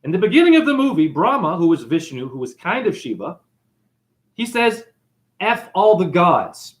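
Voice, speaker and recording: A man giving a freewheeling, jokey spiritual monologue, shouting catchphrases and acting out characters. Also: high-pitched, very animated, fairly quick. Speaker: spiritual talk host.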